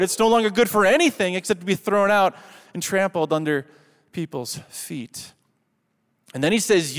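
A man preaching a sermon as pastor, shifting from slow, low scripture reading to loud, emphatic exhortation, often repeating and restarting phrases. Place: church sanctuary. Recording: long reverb of a church hall.

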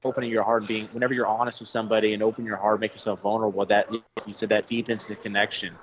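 A man's voice: lowish voice, level tone, rapid-fire, muffled recording. A young man co-hosting a casual faith talk, thoughtful, often restarting his sentences. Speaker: podcast co-host.

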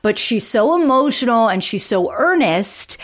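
A woman's voice: a little high, sing-song, measured pace. A woman co-hosting a podcast, animatedly retelling a TV episode in casual chat, full of "like". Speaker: podcast co-host.

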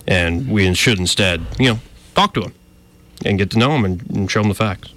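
A man's voice: lowish voice, moderate pace, a bit bright. A man co-hosting a talk radio show, explaining his view thoughtfully. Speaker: radio co-host.

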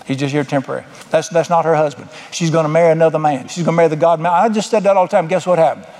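A man's voice: a little high, very fast, a little mellow, slight background noise. A middle-aged man preaching a sermon as pastor, folksy, with emphatic bursts. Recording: long hall reverb.

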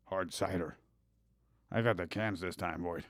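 A man's voice: deep voice, unhurried, dry recording, studio quality. A man co-hosting a podcast in casual, crude banter, rambling and joking, a few drinks in. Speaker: podcast co-host.

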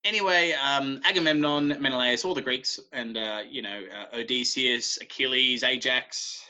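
Aussie guy retelling myths, casual and sweary, really bright voice, middle pitch. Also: normal speed, low-quality recording. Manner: laid-back, swearing, slangy retelling. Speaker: podcast co-host. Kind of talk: casual storytelling chat.

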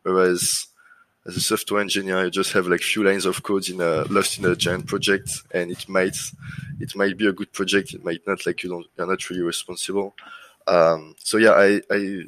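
A man with a French accent talks easily as an interview guest. His voice sits fairly low, and he often stops to restart his sentences. The recording is dry and close. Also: moderate pace, dry recording, low-quality recording. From France. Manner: relaxed, many fillers and restarts. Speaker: guest, lead generation business owner. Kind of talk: casual interview chat.

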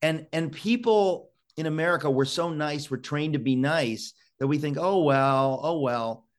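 A man's voice: on the high side, normal speed. Urgent talk show host, man. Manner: urgent, exhorting, frequent stammered restarts.

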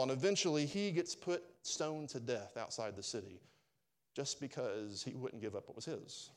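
A pastor preaching a sermon in a conversational, joking way, full of rhetorical questions to the congregation. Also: male voice, on the high side, normal speed.

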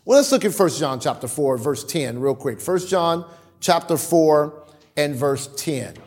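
A man preaching with a noticeably high voice. He delivers his sermon in an animated way and slips into the voices of worshippers to make his points. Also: a little slow. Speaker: pastor.

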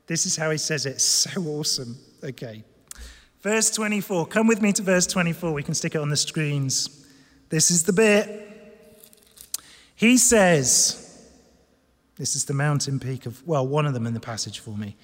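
A man preaching a sermon in a church hall, animated and emphatic, moving from loud emphasis to hushed stress. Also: on the high side, normal speed, long pauses. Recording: long reverb of a large hall.

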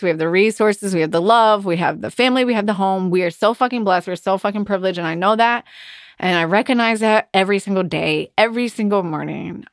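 Thirties woman host, low voice, candid emotional monologue, swears freely, dry close sound. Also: no room sound. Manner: emotional, frank, swears often. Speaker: podcast host.

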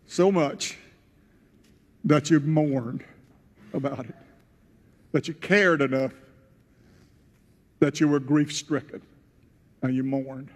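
A pastor preaching a sermon, retelling a scripture story in first person and swelling to loud, emotional peaks. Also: male voice, mid-range voice, fairly even intonation, takes it slowly, pauses often. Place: church sanctuary. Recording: church hall with long reverb.

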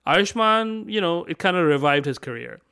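A man's voice: fairly high pitch, lively intonation, moderate pace, vocal fry, pushed and bright, clear, resonant tone. A man co-hosting a casual film review chat, asking questions and reading out review quotes. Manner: inquisitive, poses questions and reads review quotes. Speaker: podcast co-host.

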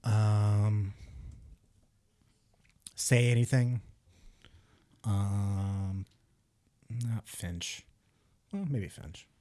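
A man's voice: on the low side, very slow, long pauses, mellow. A man co-hosting a podcast, running a music guessing game in casual, playful banter full of teasing and swearing. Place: small room with a window.

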